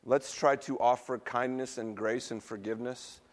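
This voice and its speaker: A middle-aged male pastor preaching a sermon, telling personal stories in a relaxed, conversational way and laughing at himself now and then. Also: medium pitch, moderate pace.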